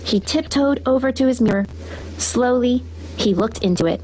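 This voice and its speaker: A woman reading a children's picture book aloud in an expressive, lively storytelling manner. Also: a little high, normal speed, slight background noise, poor audio. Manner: expressive, lively read-aloud with character voices.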